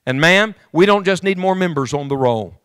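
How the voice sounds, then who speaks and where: A man's voice: high-pitched, lively intonation, normal speed, a bit bright, clean tone, no room sound. A middle-aged man preaching a sermon to a congregation, fervent and speaking to them directly. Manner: fervent, rising and falling, addresses the congregation directly. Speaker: evangelist preacher. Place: church.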